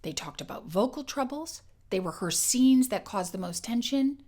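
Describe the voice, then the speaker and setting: A woman voice coach giving a scripted educational narration in a clear, measured and emphatic way. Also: on the high side, animated, a little mellow.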